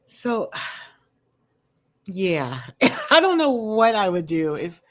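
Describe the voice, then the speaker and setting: A woman's voice: medium pitch, very animated, drawn-out words. A woman vlogger casually recapping a reality show at home, rambling with lots of "you know" and "um" fillers and giving candid opinions. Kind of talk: casual chatty recap commentary. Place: home with a dog nearby.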